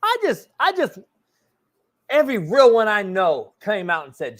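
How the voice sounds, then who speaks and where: A man's voice: high-pitched, huge pitch swings, a little slow, fairly bright tone. A man hosting a sports talk show, ranting in a brash, mocking way and swearing constantly. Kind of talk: profane casual rant.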